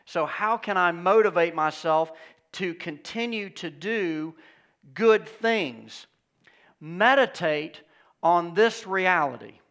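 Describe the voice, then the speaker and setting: A man preaching a sermon as pastor, emphatic, swinging between loud exhortation and hushed, intimate passages. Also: high-pitched, animated, takes it slowly.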